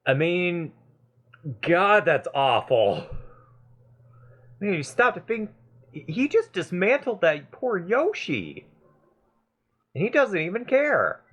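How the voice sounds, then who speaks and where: A man hosting a let's play, giving excitable, gushing game commentary and swearing casually. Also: high-pitched, slow, long pauses.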